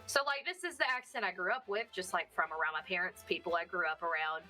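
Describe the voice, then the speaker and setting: A woman's voice: lowish voice, fast talker, sharp tone, soft background music. A young woman with a Southern Texan accent, chatting as a guest in a casual interview, joking and drawling. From Texas. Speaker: VTuber guest.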